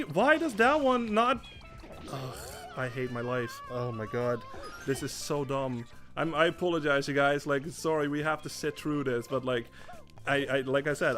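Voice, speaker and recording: A young Dutch gaming streamer chats casually over gameplay in a fairly high, slightly bright voice. He swears often and restarts his sentences in exasperation.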